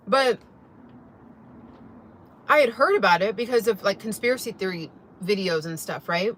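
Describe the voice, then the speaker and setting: A young woman talks casually to her viewers, rambling from one thought to the next while she eats. Her pitch sits in a middle range. A faint hum of background noise runs under her voice. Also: lively intonation, unhurried, long pauses, fairly bright tone. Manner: rambling, chatty, eating while talking. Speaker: vlogger. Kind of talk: casual chat to camera while eating.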